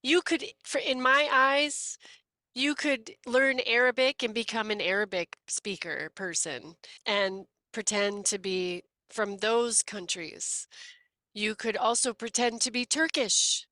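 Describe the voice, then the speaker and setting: Bright-voiced chatty woman, podcast co-host. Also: a little high, slow, dry recording. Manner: lively, chatty, playful, does quoted voices. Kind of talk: casual conversational interview.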